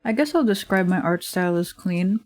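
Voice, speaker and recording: Her fairly low, darkish voice carries lively intonation at a normal speed, with no echo. She's a digital artist streaming from home, chatting loosely while drawing, rambling, dropping plenty of fillers, and laughing often into a desk mic.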